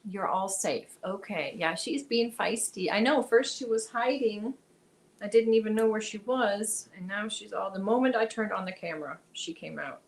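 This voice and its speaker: A woman's voice: medium pitch, moderate pace, poor audio. A woman hosting a casual crochet livestream, chatting with viewers, reading their comments aloud and talking to her cat.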